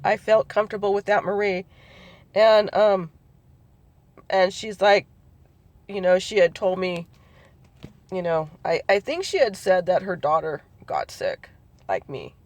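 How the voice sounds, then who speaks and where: A middle-aged woman with a gravelly, creaky edge recounts a family memory in a halting, rambling way, full of ums and restarts. She slips into the voices of her relatives as she quotes them, and the sound is close and dry. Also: mid-range voice, no room sound. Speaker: family storyteller. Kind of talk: personal recollection.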